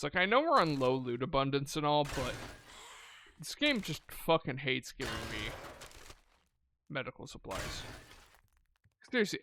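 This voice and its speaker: Male gameplay streamer, expressive and swinging pitch, swears freely, a bit high, mouse clicks faint in the background. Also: noisy background. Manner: chatty, swears and talks to the game. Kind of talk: casual gameplay commentary.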